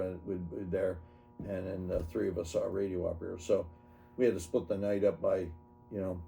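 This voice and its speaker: A man in his seventies, an army veteran, recounting his memories in an oral history interview, halting and correcting himself as he goes. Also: low voice, creaky, warm tone. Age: 70s. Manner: halting, self-correcting storytelling.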